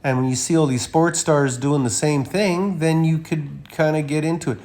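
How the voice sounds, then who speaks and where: A man giving a rambling, emphatic monologue while walking through a slideshow of images, with frequent uh fillers and sudden loud stresses. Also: a little high, fairly even intonation, moderate pace. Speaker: commentator presenting images.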